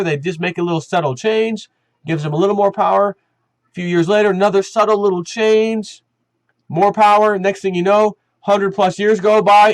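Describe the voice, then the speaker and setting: A man hosting his own commentary channel, giving a heated, animated opinion rant full of fillers and restarts. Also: sits high, dry recording, low-quality recording.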